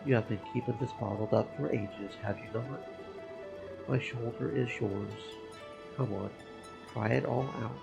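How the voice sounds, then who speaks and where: A man reading Kevin, a gravelly flirting priest. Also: medium pitch, fairly even intonation, a little slow, dull audio. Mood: soothing. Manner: teasing, easygoing banter. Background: game music.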